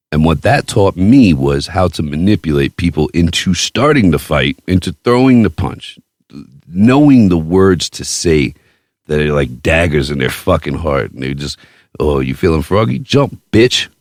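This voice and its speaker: Deep-voiced, profane, boastful man. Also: dry recording, clean studio sound. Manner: profane, boastful and animated, with quoted outbursts. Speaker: podcast host. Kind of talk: casual storytelling chat.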